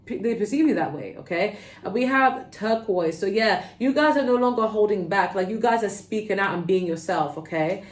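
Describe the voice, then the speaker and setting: Woman, London accent, mid-pitched, talkative tarot reader; roomy sound. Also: normal speed. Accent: London English. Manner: chatty, animated, peppered with "okay?" and "like". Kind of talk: casual pick-a-card tarot reading. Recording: roomy echo.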